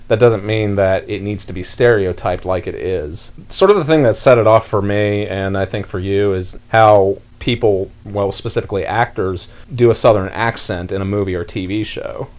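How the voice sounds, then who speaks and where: Young male podcast host from North Carolina with a low voice, chatty and meandering. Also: normal speed, few pauses, darkish tone. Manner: rambling, talks with many fillers and restarts. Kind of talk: casual podcast chat.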